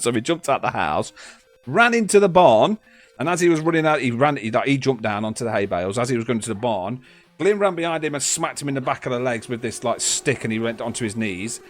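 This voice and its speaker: Laughing, rambling man telling stories. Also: medium pitch. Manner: rambling, laughing, swearing storyteller. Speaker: podcast co-host. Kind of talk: casual storytelling chat.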